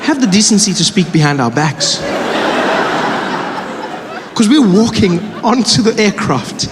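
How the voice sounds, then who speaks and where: A man's voice: high-pitched, measured pace. Man doing stand-up. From South Africa. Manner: animated, mimics voices, jokes. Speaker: stand-up comedian. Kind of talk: stand-up storytelling. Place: comedy stage before an audience. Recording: live venue with hall reverb and faint noise.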